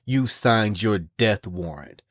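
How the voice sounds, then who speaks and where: A man's voice: fairly low pitch, expressive, slow pace. A man voicing a hot-tempered armored samurai warlord who speaks in angry declarations. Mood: wrathful. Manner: angry, proclaiming.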